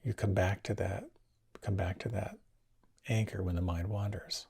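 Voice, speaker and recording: A man giving a talk as a meditation teacher, leading a guided meditation in a gentle, unhurried, soft-spoken way. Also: low-pitched, steady tone, creaky, husky.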